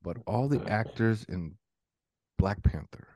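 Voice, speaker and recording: Brief: man, podcast co-host, opinionated and animated in his pitch. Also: unhurried, dry recording. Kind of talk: casual chat.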